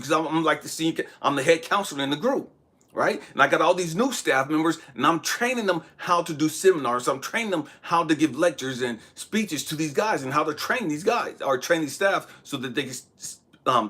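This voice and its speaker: A man's voice: a little high, animated, brisk, bright, forceful tone, husky. A man in his thirties giving a spiritual motivational talk, preaching with bursts of emphasis that drop to near-whispers. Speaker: motivational speaker.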